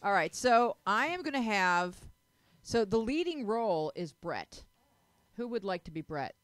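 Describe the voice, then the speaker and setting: A woman with a voice in the middle of her range, hosting a lively panel of teens. She keeps things playful, laughing easily while she sets up games and hands out parts. The sound is close and dry, with no room around it. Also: mid-range voice, unhurried, no room sound. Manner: playful, laughs often, runs the game. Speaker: talk show host. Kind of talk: hosting a teen panel talk show.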